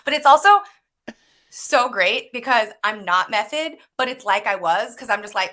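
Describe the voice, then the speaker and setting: A young woman, an actress, telling animated stories from set in a casual interview, full of "like" and acted-out quotes. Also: fairly high pitch, normal speed. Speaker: actress guest.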